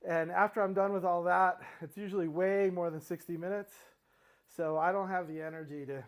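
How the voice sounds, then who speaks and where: A man's voice: sits high, steady tone, brisk. Chatty middle-aged man, slightly winded. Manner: rambling, lots of fillers and restarts. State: a little out of breath. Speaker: fitness vlogger. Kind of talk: casual talk while exercising.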